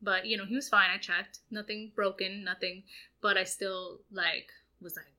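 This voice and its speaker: A woman's voice: mid-range voice, little pitch movement, normal speed, sharp tone. A woman in her thirties telling stories in casual podcast chat, profane and joking. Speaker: podcast co-host.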